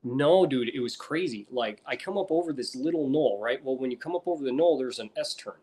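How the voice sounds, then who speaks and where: An American man in casual chat, swearing constantly and telling stories with animated energy. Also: mid-range voice, a little fast, a little hiss or hum. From United States. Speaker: reptile breeder streamer.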